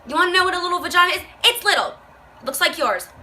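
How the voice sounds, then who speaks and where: A woman's voice: extremely high pitch, expressive, fast talker, bright, forceful tone, rough recording. A young woman vlogger reading a book aloud and reacting with profane, exasperated commentary. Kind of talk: casual rant, reading aloud.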